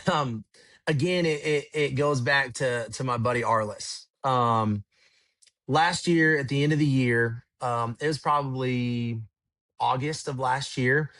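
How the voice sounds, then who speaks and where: A man's voice: medium pitch, fairly bright tone, dry recording. A man telling stories in a casual podcast chat, rambling and laid-back, swearing now and then. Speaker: podcast guest, tour manager. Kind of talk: casual storytelling.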